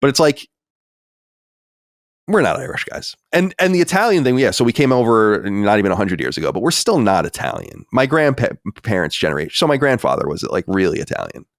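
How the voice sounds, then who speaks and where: An American man hosts a podcast in loose, rambling chat, his rather low voice swinging widely in pitch. He talks emphatically and drops casual swears. The sound is close and dry, with no room echo. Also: very animated, fast talker, hardly any pauses. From United States. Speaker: podcast host.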